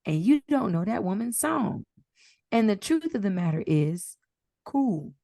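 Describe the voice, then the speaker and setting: A woman co-hosting a casual podcast, talking in an animated, profane way and slipping into mimicked voices. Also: mid-range voice, measured pace, gravelly, no room sound, clean studio sound. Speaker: podcast co-host. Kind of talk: casual chat.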